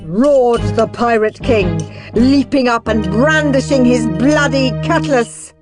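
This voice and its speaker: A woman narrating a children's audiobook in an expressive way, acting out the characters. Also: on the high side, takes it slowly. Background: background music.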